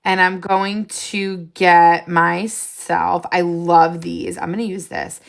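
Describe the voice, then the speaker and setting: An excitable woman chats casually as she hosts a live stream, her voice carrying a gravelly edge. She hops from one idea to the next and laughs often. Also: on the low side, slow pace. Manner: excitable, jumps between ideas, frequent laughs.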